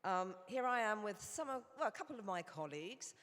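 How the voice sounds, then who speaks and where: A woman's voice: mid-range voice, very animated, brisk, a bit bright. A woman from England with a British accent giving a chatty, anecdotal conference speech as a Rotary International director. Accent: British English. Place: conference hall. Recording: reverberant hall.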